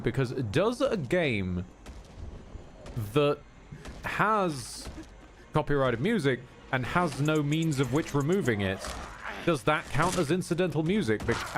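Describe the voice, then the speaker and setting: A man chats over his gameplay as a streamer, rambling from one tangent to the next and swearing freely. His voice runs a little high and swings widely in pitch. A faint noise floor sits under him. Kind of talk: casual gameplay commentary.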